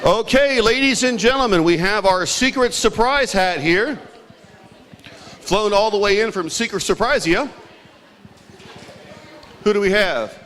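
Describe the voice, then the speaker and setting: A man's voice: sits high, measured pace, long pauses, fairly bright tone, a little hiss or hum. A man emceeing a trivia quiz at a community event in a large indoor hall, playful and joking with the crowd.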